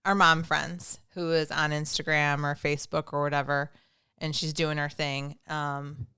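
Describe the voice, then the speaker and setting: Easygoing deep-voiced woman guest. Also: flat delivery, unhurried, pushed and bright, clear, resonant tone, no echo, clean studio sound. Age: 40s. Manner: easygoing, laughs often, loses her train of thought. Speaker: podcast guest and coach. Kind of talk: casual chat.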